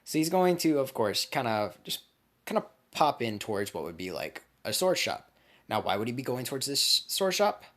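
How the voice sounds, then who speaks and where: A man casually spinning a fan speculation story, rambling and animated. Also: medium pitch, moderate pace.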